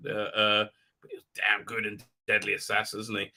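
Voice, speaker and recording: A man's voice: fairly low pitch, fairly even intonation, quick pace, bright, forceful tone. A middle-aged man hosting a livestream in casual, rambling chat, reading out viewer comments with many restarts. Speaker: livestream host.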